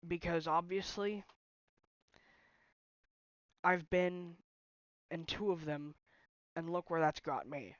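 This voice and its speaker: A young man venting at home in an emotional vlog rant, frustrated and halting, often restarting his sentences. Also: on the high side, steady tone, fairly bright tone, no room sound, lo-fi sound. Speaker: vlogger. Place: bedroom at home.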